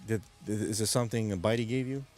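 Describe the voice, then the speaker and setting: A man's voice: medium pitch, lively intonation, moderate pace, a little mellow, soft background music. A man hosting a late-night stream, chatting loosely with viewers, rambling and swearing often, who says he came from New York. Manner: profane, rambling, restarts sentences. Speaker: livestream host. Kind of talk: casual rambling chat with viewers.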